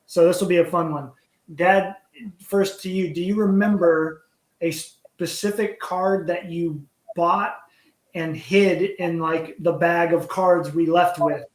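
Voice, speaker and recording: A man's voice: on the high side, steady tone, slow, echoey room. A man co-hosting a podcast in casual chat, eager and talkative, rambling a little as he asks questions. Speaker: podcast co-host.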